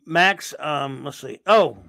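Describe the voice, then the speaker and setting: A man's voice: on the high side, slow, creaky, pushed and bright, dry recording. A man hosting a casual live stream, rambling and sarcastic as he greets viewers and rants. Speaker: host of a live stream chat.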